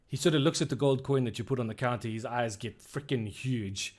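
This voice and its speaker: A man's voice: mid-range voice, a little fast, a little mellow. A man narrating as game master in a tabletop role-playing game, casual.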